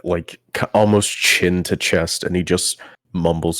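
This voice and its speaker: A man's voice: deep voice, steady tone, unhurried, a bit bright, no echo, clean studio sound. A man playing a tabletop game, describing his character in a hesitant, casual way with fillers.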